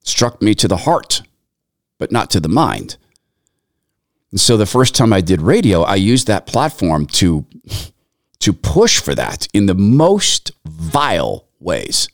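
A man delivers sermon-like commentary, earnest and steady as he strings scripture into long lists. His voice sits low yet swings with lively intonation. The sound is dry and close. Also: slow pace, vocal fry, dry recording. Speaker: Christian commentator.

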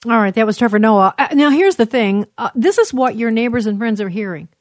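Rambling talk host, dry close sound. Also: female voice, on the high side, animated, brisk, no echo. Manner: rambling, many fillers and restarts. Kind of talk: talk radio commentary on clips.

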